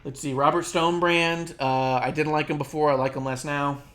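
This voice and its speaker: A podcast co-host in casual chat, rambling and swearing freely, with plenty of fillers and quick mocking asides. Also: medium pitch, level tone, a bit bright. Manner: rambling, profane, filler-heavy; drops into quick mocking impressions.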